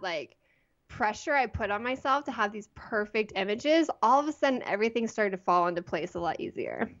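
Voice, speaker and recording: A woman in her thirties, a podcast guest telling a personal story in a chatty, animated way with lots of "like". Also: fairly high pitch, muffled recording. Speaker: guest, photography blogger. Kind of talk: casual interview storytelling.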